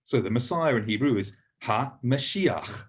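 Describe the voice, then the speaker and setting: Husky-voiced man teaching pronunciation. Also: mid-range voice, lively intonation. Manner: patient, encouraging, slows down to model words. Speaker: Hebrew teacher. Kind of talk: recorded lesson narration.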